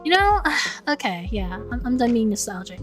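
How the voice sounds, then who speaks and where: A woman's voice: fairly high pitch, sing-song, moderate pace, over music. A young woman streaming casual chat, stumbling over and repeating her words and laughing often. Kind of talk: casual chat, reading out chat messages.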